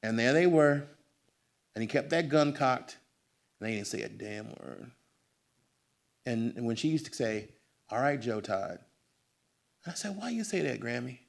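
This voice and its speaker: A man's voice: mid-range voice, a little slow, creaky, pauses often. An American man giving a book talk in a bookstore, telling family stories to an audience and acting out the voices of his relatives. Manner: animated, acts out family voices. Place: bookstore event room.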